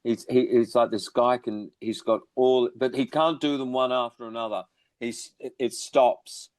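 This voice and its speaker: Wry, rambling musician. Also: male voice, mid-range voice, fairly even intonation, normal speed, no room sound. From born in England, raised in Australia. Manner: rambling, wry, self-deprecating humor. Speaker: musician guest. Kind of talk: casual interview chat.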